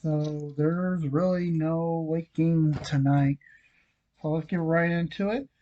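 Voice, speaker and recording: Slow and steady, with a dark, medium-pitched tone and cut-off highs. A hockey vlogger coughing and clearing a frog from his throat walks chattily through scores, odds and picks, full of fillers.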